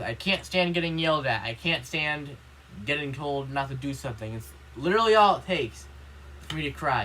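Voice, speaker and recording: A man's voice: mid-range voice, sharp tone, slight background noise, low-quality recording. A man vlogging in a casual, rambling monologue, indignant and complaining, filling every line with "you know" and "like".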